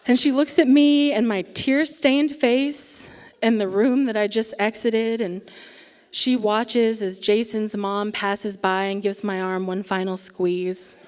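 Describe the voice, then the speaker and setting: A young woman telling a comic personal story on stage before a live audience, wry and self-mocking with dramatic pauses. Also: mid-range voice, steady tone, darkish tone, smooth. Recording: long theatre reverb.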